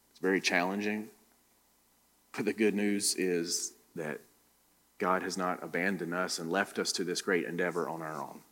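A man's voice: sits low, fairly bright tone, in a large hall. A man preaching a sermon as pastor, pressing the congregation with direct questions. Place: church room.

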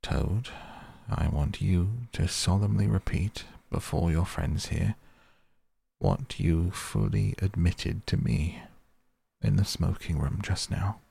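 A man voicing a stern, dignified old male badger who speaks gravely and firmly. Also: low voice, mellow, full character voice. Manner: grave, firm and measured.

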